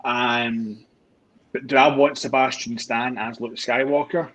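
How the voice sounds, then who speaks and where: A man's voice: mid-range voice, steady tone, measured pace, a bit bright, poor audio. A man guest in a casual group chat, easygoing and agreeable, saying "you know" often.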